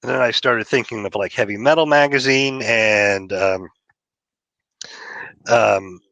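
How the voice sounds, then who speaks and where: A comic book writer from Texas chats casually as an interview guest, laughing and trailing off into fillers. His fairly low voice is unhurried, with vocal fry and a slightly bright tone. The recording is dry and low quality.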